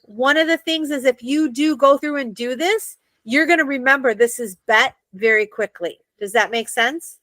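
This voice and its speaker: A woman's voice: high voice, moderate pace, few pauses, sharp tone, dry recording. An American woman teaching a Hebrew reading class, patiently checking that her students follow. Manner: patient, checks understanding often.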